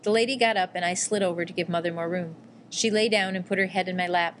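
A woman narrating a first-person memoir in a measured, quietly emotional reading. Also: fairly low pitch, steady tone, slight background noise. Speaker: audiobook reader.

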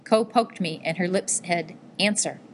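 Calm and measured, a woman narrates a memoir-style novel for an audiobook in a fairly low voice. Her tone never loses its gentle evenness, though a slight hiss of noise persists underneath.

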